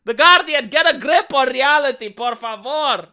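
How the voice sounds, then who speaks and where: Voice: high voice, moderate pace, pushed and bright. A YouTuber giving an emphatic, profane and sarcastic rant in a video commentary.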